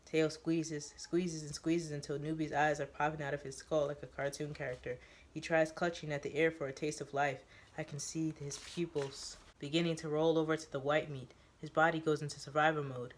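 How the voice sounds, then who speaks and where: A man narrates a story in the first person, reading it aloud. His voice sits a little high for a man, and he moves through the scene in a steady, descriptive way. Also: moderate pace, slight background noise.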